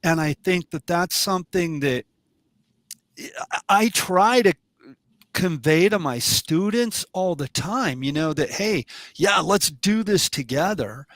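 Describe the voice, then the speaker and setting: A man's voice: fairly high pitch, measured pace, no echo. A man, a drum teacher, chatting casually on a podcast and telling stories with lots of restarts. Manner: animated storyteller with many restarts. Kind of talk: casual chat.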